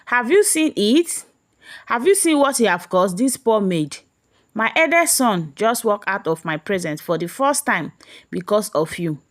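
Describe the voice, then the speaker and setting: A woman's voice: medium pitch, lively intonation, measured pace. Woman voicing a furious scolding mother. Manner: shouting, accusing. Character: furious middle-aged mother, scolding and harsh.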